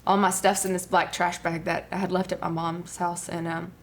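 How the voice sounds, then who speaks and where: A woman's voice: lowish voice, level tone, normal speed. A woman, a guest giving an earnest personal testimony with many fillers. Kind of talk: personal testimony on a talk show.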